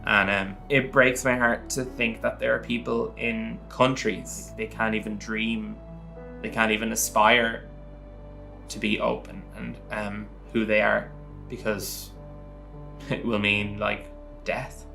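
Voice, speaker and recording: A low-pitched Irish man with a gravelly, bright edge speaks in a flat, even tone. He is reflective and earnest as he gives his testimony, with faint music underneath. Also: slow pace. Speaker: interviewee. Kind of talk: personal testimony.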